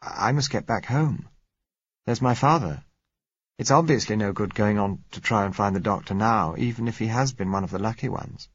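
A man's voice: on the low side, moderate pace, husky, dry recording, lo-fi sound, voice pushed up. Spirited young woman, read by a male narrator, raised voice, dry and close. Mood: earnest. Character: young woman, spirited, shaken but wry.

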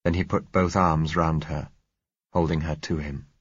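Deep-voiced man reading a novel. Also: level tone, normal speed, slightly rough, no echo, dull audio. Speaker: audiobook narrator. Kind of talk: first-person novel narration.

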